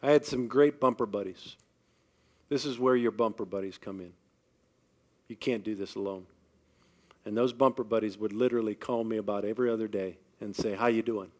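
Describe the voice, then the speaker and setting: A middle-aged man preaching a sermon, telling personal stories and moving between hushed, quiet passages and loud, emphatic ones. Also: fairly low pitch, steady tone, a little fast, long pauses. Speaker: pastor.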